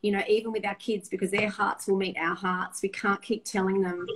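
A woman's voice: mid-range voice, little pitch movement, brisk, a bit bright, slight background noise, rough recording. A middle-aged woman, a guest sharing personal stories candidly and emotionally, often restarting her sentences. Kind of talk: open personal storytelling.

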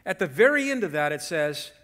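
Male pastor, high voice, dramatic sermon delivery with hushed asides, church reverb. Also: a little fast. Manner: dramatic swings from loud emphasis to hushed whispers; lively storytelling with rhetorical questions. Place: church sanctuary.

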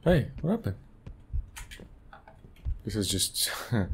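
A man's voice: fairly low pitch, big pitch swings, takes it slowly, long pauses, slight background noise. A man playing a horror game on his channel, swearing often and laughing nervously as he reacts. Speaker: gaming youtuber. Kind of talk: horror game let's play commentary.

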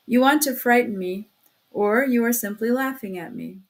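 A tense, feverish young man, as a woman reads him in an audiobook answers with strained, bitter defensiveness. The voice runs fairly high and often pushes up louder. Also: moderate pace, lightly acted. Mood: bitter, defensive. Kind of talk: audiobook reading.

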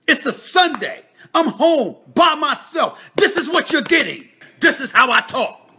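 Male sports commentator at home. Loud, emphatic and theatrical, with a bright, forceful tone. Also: very high-pitched, expressive, measured pace, a little hiss or hum. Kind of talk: casual rant.

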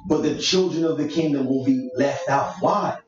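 Male elder teacher, high voice, slangy emphatic preaching, dull distant echoey recording. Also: moderate pace, faint music behind. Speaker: church elder leading Bible study. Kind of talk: sermon-style Bible teaching. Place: church meeting room. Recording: echoey room, distant mic, dull sound.

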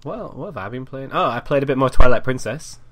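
A man's voice: mid-range voice, animated, quick pace, a bit bright. A man co-hosting a podcast, chatting casually and joking about games. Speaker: podcast co-host. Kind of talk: casual gaming chat.

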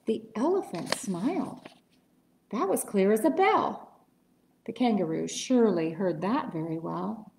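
A woman reading a picture book aloud at story time in a library, playful and animated. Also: medium pitch, a little slow, gravelly, a little hiss or hum. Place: library room. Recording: echoey library room.

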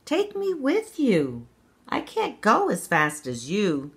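Lady reading aloud, doing a little storybook frog, earnest and begging, voice pushed up higher than her own. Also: wildly swooping pitch, slow, gravelly, heavily acted. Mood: pleading. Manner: earnest, bargaining. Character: small ugly pleading male frog. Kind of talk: children's read-aloud.

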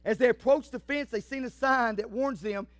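A man preaching a fiery sermon, swinging from shouts to hushed asides. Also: very high-pitched, normal speed, dry recording, clean studio sound, faint music behind. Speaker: pastor.

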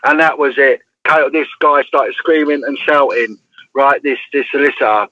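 A man's voice: medium pitch, normal speed, pushed and bright, dull audio. An English man, a former police detective, telling a story as an interview guest in an emphatic way, often checking in with "right?".

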